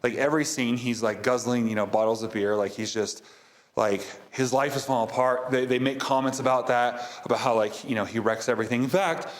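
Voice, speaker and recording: A man's voice: mid-range voice, brisk. A man hosting a podcast, casually recapping a movie in a rambling way with many fillers. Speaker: podcast host.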